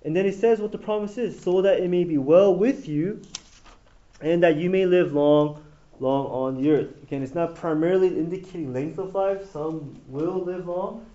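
A man preaching a sermon in an animated way, asking the audience questions as he goes. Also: on the high side, moderate pace, muffled recording.

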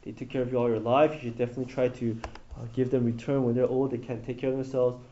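A man preaching a sermon in an animated way, asking the audience questions as he goes. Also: medium pitch, fast talker, dull audio.

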